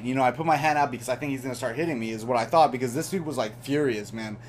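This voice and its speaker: A young man telling a casual storytime monologue as a vlogger, animated and slangy, calling listeners bro. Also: medium pitch, a little fast, slight background noise.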